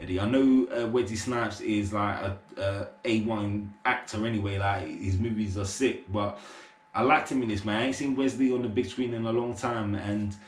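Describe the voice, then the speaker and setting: A young man rambles through a casual movie review, full of fillers and slang. His voice sits on the lower side. The room gives the sound a noticeable echo. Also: steady tone, normal speed. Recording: roomy echo.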